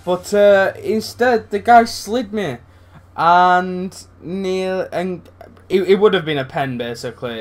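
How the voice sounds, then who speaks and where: A young man commentating his own football video game matches, excitable and rambling, swearing freely and shouting at big moments. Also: high voice, slow pace, soft background music. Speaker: gaming channel host. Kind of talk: live gameplay commentary.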